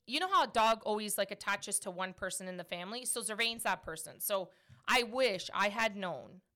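A woman in her thirties hosting a podcast, answering questions in a chatty, animated way. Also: medium pitch, moderate pace. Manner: chatty, animated, laughs often. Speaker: podcast host. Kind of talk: casual podcast Q&A chat.

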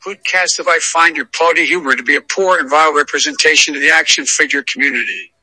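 A gruff elderly statesman , as a man puts him on, snarls into a voice message. His voice is husky and cutting, very bright and edgy, recorded close and dry. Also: a little high, fast, no room sound, low-quality recording. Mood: angry. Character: gruff older male caller impersonating a president. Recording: played-back voice message.

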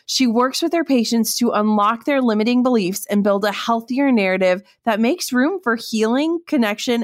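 A woman hosting a podcast, talking to her listeners in an energetic, enthusiastic way. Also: on the high side, no room sound, studio quality. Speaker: podcast host. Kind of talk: upbeat podcast intro and ad reads.

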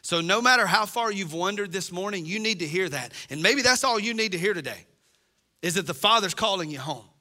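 A man's voice: high voice, lively intonation, fairly quick, bright, forceful tone. A middle-aged man preaching a sermon as pastor, impassioned and acting out the voices he quotes.

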